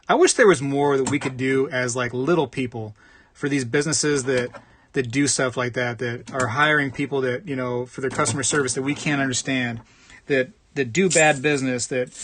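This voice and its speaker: A man's voice: mid-range voice, a bit bright. A man hosting a casual livestream, rambling and chatting while reading out viewer comments. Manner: rambling, chatty, reads out chat. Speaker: livestream host.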